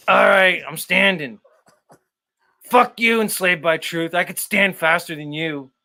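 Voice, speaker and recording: A man doing a mocking impression of a gruff man groaning as he wakes up and gets out of bed. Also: a little high, sharp tone, exaggerated voice. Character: groggy gruff man just waking up.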